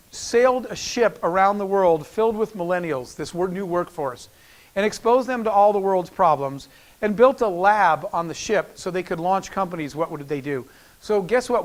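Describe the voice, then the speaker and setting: A middle-aged man giving a storytelling business talk, acting out the dialogue he quotes. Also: sits high. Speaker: keynote speaker.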